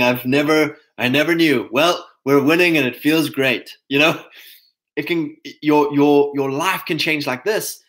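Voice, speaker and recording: A man's voice: a little high, a bit bright. A man giving a loose, conversational monologue to his viewers, full of fillers and acted-out quotes. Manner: conversational, many fillers, acts out quoted voices. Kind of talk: casual monologue.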